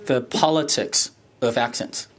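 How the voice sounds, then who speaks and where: A man from Taiwan giving a teacher workshop lecture, switching between Mandarin and English in an animated, joking way. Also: mid-range voice, a little slow.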